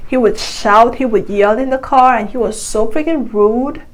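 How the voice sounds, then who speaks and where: A woman's voice: fairly high pitch, moderate pace, a little hiss or hum, low-quality recording. A young woman vlogger telling a personal story in a casual, chatty way, exasperated and full of fillers.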